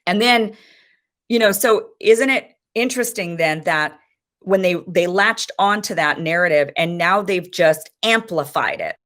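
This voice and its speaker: A woman's voice: lowish voice, unhurried, a bit bright. A woman in her thirties giving impassioned, frustrated political commentary as host of her own show.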